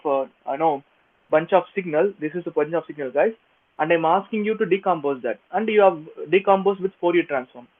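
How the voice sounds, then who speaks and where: Halting male lecturer. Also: sits high. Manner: halting, repetitive, checks in with "you got it, right?". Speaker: engineering exam lecturer. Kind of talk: online lecture. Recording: tinny, phone-like lo-fi audio.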